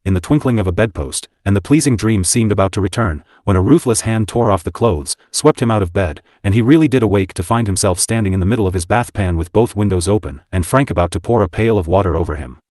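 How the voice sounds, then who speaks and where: A man narrating a classic novel as an audiobook, in even, unhurried storytelling. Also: fairly low pitch, dry recording, clean studio sound.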